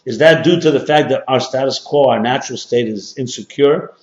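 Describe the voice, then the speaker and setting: A man's voice: medium pitch, a little fast, a little mellow. A rabbi delivering a sermon-style lecture, stressing points through repetition. His voice comes through a dull, somewhat muffled recording. It fills a roomy, echoing hall.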